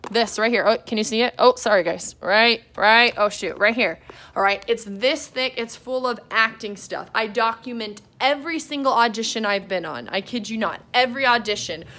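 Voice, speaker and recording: An upbeat woman talks to her camera as she walks through her home, sharing her hopes as an aspiring actress. Her voice is bright and sits a little high. Her chatty, rambling delivery is full of fillers. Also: normal speed. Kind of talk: casual motivational vlog. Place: her home, walking between rooms.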